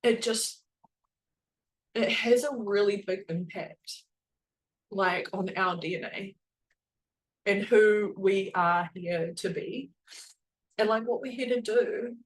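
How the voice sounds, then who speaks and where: A woman's voice: mid-range voice, slow pace, pauses often, low-quality recording. A woman hosting a spiritual podcast, telling a personal story in a casual, earnest way and filling her speech with "like.". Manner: chatty, heavy use of "like", earnest and emotional.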